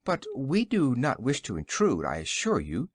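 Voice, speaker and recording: A man voicing a sober, courteous old wizard in a storybook reading, a bit lower than his narration. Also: huge pitch swings, normal speed, no echo. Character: sober, polite elderly male wizard.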